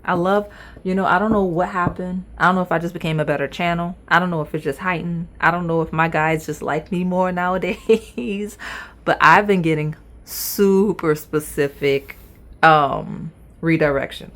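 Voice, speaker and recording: A woman's voice: on the low side, fairly even intonation, normal speed, a bit bright. A woman reading tarot cards in a chatty, playful way, talking straight to her viewers. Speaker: tarot reader. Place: indoors at a table.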